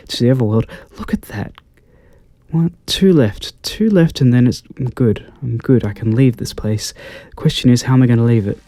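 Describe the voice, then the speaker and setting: A man in his thirties with an Australian accent, giving gentle, polite ASMR gameplay commentary on a close mic. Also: mid-range voice, no echo. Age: 30s. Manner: gentle, polite and mild, easily delighted. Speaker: gaming channel host.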